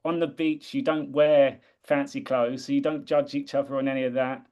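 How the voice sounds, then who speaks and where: A man's voice: mid-range voice, level tone, moderate pace, darkish tone, lo-fi sound. A man from the UK talking earnestly and reflectively in a casual conversation, often restarting his sentences. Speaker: guest.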